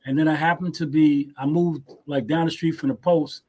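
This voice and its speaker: A man's voice: a little high, steady tone, moderate pace, warm tone. A man in his sixties, a martial arts teacher and guest, telling stories in a casual interview in a laid-back way, often repeating words as he restarts.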